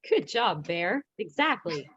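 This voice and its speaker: A woman leading a yoga workshop, calm and gently humorous. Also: on the low side, slow, slightly rough, no room sound, lo-fi sound. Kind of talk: guided group workshop.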